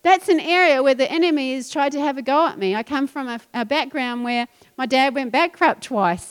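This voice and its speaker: A woman pastor preaching a sermon, emphatic and animated, dropping into quiet asides. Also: high-pitched, normal speed, few pauses.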